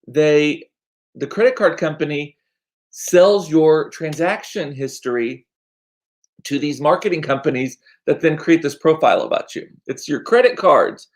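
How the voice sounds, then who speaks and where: A man's voice: fairly high pitch, unhurried. A man, chatting casually and rambling in a home vlog, chatty and self-deprecating. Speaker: vlogger. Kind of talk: casual chat.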